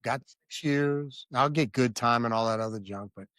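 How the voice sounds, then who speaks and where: A man's voice: mid-range voice, normal speed, fairly bright tone, clear, resonant tone, no room sound. A man in mid-range tells his own story as a podcast guest. He is blunt and vivid, and often stops to ask if the listener is with him. The room sound is dry and close. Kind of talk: candid personal storytelling.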